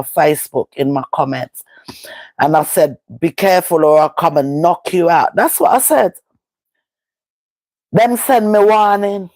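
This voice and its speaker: Jamaican woman vlogger, slow and emphatic, patois chat, dry close sound. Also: lowish voice, darkish tone, no echo. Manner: talks in patois, emphatic and rhetorical. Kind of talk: casual live-stream chat.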